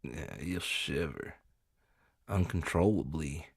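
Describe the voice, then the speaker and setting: A man's voice: rumbling low, lively intonation, takes it slowly, creaky, husky, dry recording, clean studio sound. A young man chatting casually on a stream, laid-back and swearing freely.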